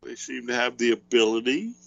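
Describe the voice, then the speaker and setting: A man's voice: medium pitch, fairly quick, vocal fry, no echo, highs cut off. A man co-hosting a podcast, talking casually in a rambling way and thinking aloud with lots of fillers. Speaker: podcast co-host. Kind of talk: casual wrestling chat.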